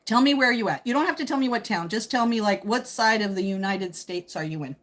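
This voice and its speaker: A woman hosting a casual live stream, answering viewer comments in a chatty, teasing way, with a slightly husky voice. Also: mid-range voice, animated, brisk, a bit bright. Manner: speaks while eating. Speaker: livestream host chatting with viewers.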